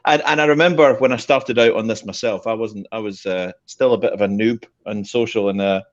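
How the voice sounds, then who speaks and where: A man, chatting on a panel, telling animated stories and laughing often. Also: on the low side, brisk, dull audio. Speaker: panel guest. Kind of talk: casual chat.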